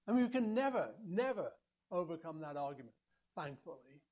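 A man delivers a sermon in a notably high voice. He speaks earnestly, climbing to emphatic peaks and sinking low again. He keeps turning to the congregation with rhetorical questions. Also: big pitch swings, normal speed, a little mellow. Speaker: preacher.

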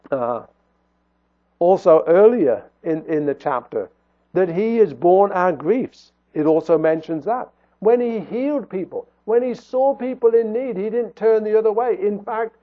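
A man preaching a sermon in an earnest tone, his voice rising and falling for emphasis. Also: high-pitched. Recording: tinny phone-like sound.

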